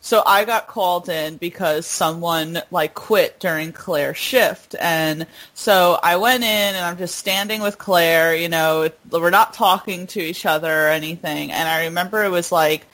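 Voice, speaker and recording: A woman's voice: lowish voice, a little slow, few pauses, a bit bright, rough recording. A woman telling a story in casual podcast chat, laughing often and using many fillers.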